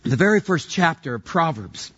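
Husky-voiced man preaching a sermon. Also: fairly high pitch, sing-song, normal speed, fairly bright tone, muffled recording. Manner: conversational, humorous, acts out little scenes. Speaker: pastor.

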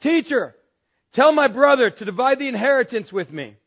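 A man voicing a pushy grown man who interrupts a teacher, loud and eager. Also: very high voice, expressive, moderate pace, slightly rough, dull audio, pitched above the performer's own voice, full character voice. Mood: urgent pleading.

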